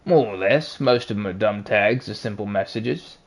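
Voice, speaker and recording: A man's voice: on the low side, moderate pace. A man voicing a laid-back animal street drifter who speaks in an easygoing drawl. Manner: easygoing drawl, calls others "friendo".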